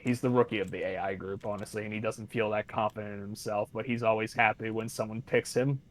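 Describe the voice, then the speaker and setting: A man's voice: lowish voice, fairly even intonation, a little fast, hardly any pauses, fairly bright tone. A man talking casually with a friend over a voice call, rambling and repeating himself with frequent laughs.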